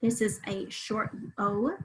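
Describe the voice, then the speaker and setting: A woman teacher giving a spelling test and going over the answer key, saying each word and breaking it into syllables with clear, careful enunciation. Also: mid-range voice, slow pace, slight background noise, low-quality recording.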